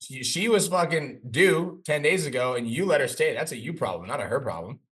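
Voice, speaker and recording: A man's voice: on the high side, fairly quick, breathy edge. A man hosting a casual podcast as a business coach, talking bluntly, swearing often and acting out his stories. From Canada. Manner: blunt, swears constantly, animated storytelling.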